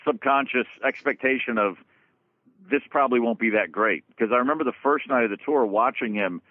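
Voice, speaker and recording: A man, a guest drummer, tells road stories in an animated, casual way, swearing freely and restarting his sentences. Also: mid-range voice, brisk, no room sound. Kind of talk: casual storytelling interview. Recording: dry, phone-like lo-fi sound.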